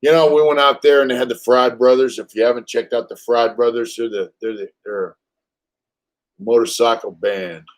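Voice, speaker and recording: A man's voice: mid-range voice, steady tone, moderate pace. A man in his fifties hosting a casual live stream, telling stories bluntly with plenty of swearing. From California. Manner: profane, blunt storytelling; acts out quotes in raised voices. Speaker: channel host.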